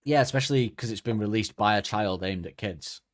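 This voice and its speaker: In clean, echo-free studio sound, a man with a lowish voice talks briskly as a podcast co-host. He's animated and jokey, chatting casually for comedic effect and acting out quotes.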